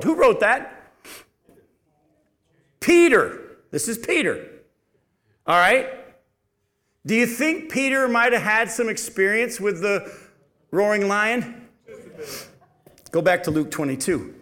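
Animated, fairly high-voiced male preacher. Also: slow, long pauses. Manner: animated, emphatic preaching with sudden loud rises and quiet drops; asks the audience questions and answers them himself. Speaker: Bible study teacher. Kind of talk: expository Bible teaching.

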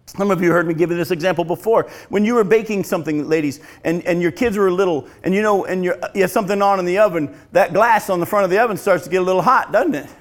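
A male pastor preaching a sermon, swinging from loud emphatic lines to hushed, slow, drawn-out phrases. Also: high-pitched.

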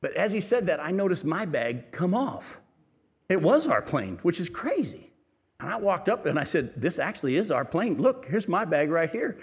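A middle-aged male preacher telling a lively, humorous story from the pulpit, often laughing as he goes. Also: on the high side, normal speed, breathy edge. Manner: animated storytelling, laughing at his own story. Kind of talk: sermon storytelling.

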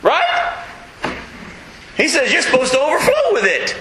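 A man preaching a sermon in a folksy, emphatic way, with self-mocking humor and sudden high leaps in pitch to stress his points. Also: wildly swooping pitch, quick pace, bright, forceful tone, echoey room, slight background noise, low-quality recording. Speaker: pastor.

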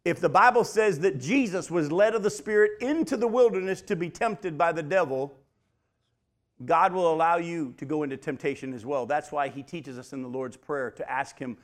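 Middle-aged male pastor, slightly high voice, emphatic sermon delivery. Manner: emphatic preaching, slows for key points, addresses folks directly.

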